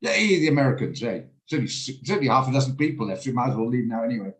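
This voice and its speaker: A man's voice: mid-range voice, animated, fast talker. Emotional, rambling male host on a video call, in a roomy space. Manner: emotional, rambling, rants and laughs. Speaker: trading room host. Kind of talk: casual talk on a video call. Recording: echoey room on a video call.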